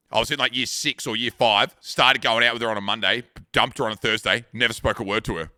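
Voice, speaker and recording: Sharp-toned young Australian man. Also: medium pitch, dry recording, clean studio sound. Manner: rambling, swears freely, joking banter. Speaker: streamer. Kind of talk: casual chat with friends on stream.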